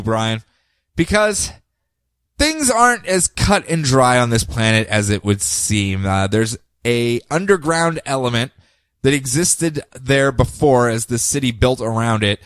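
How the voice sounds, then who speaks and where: A man's voice: mid-range voice, lively intonation, a little slow, fairly bright tone, clear, resonant tone, no room sound. A man hosting a podcast who recaps comics casually, in a joking, facetious way. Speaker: podcast host.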